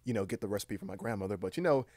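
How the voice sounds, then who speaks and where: A man chatting casually on a live stream, rambling and swearing freely, reading aloud haltingly with lots of fillers. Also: fairly low pitch, a little mellow, no echo, studio quality. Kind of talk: casual livestream chat.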